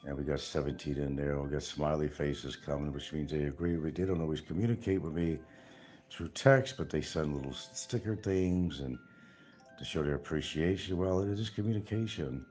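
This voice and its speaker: Low-voiced older man rambling on a livestream. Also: normal speed, darkish tone, soft background music. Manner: rambling, sarcastic, chuckling. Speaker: livestream host. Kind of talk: casual livestream chat.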